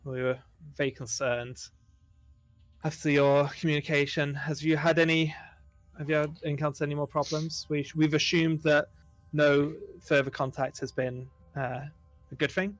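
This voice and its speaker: A man voicing a male duergar, a grey dwarf, who greets travelers in a formal, slightly halting way. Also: fairly high pitch, flat delivery, dry recording, faint music behind, close to an everyday voice. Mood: concerned.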